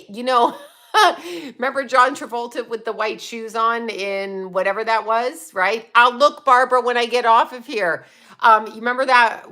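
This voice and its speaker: A woman's voice: medium pitch, sharp tone. A middle-aged woman chatting casually on a livestream, laughing often and talking to viewers by name. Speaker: psychic medium and livestream host.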